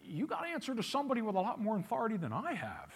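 A man's voice: sits high, huge pitch swings, racing, husky. A male pastor preaching a sermon, emphatic, repeating key phrases and asking the congregation questions.

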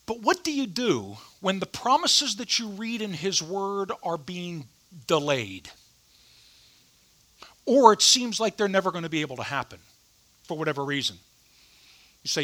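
Man preaching, bouncy lively voice that swings all over, kinda bright, chatty and joking. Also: fairly high pitch, normal speed, pauses often. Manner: animated, conversational preaching with humor. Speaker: pastor. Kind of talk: sermon with scripture reading.

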